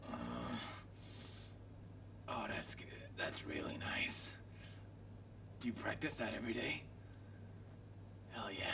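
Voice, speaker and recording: A man doing a smooth, low-voiced flirt who murmurs in a breathy whisper. The voice drops well below his own, soft and close. It sounds suggestive and playful in a silly game video. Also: distant mic.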